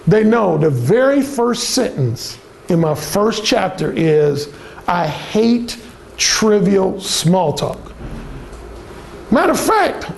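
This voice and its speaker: Gravelly, animated man speaking bluntly. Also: sits high, slight background noise. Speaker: seminar speaker, dating coach. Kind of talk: storytelling talk to a live audience.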